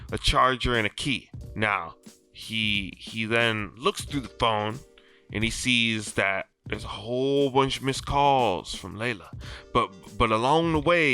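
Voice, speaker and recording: Brief: man, podcast host, bright forceful voice, lively slangy retelling, faint music underneath. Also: medium pitch, smooth. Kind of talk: casual episode recap.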